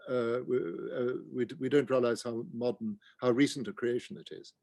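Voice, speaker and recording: A man, a guest author, speaks in a literary conversation. His mellow, warm voice is recorded dry and close. He is thoughtful and halting, often restarting his sentences. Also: medium pitch, steady tone, creaky, no room sound.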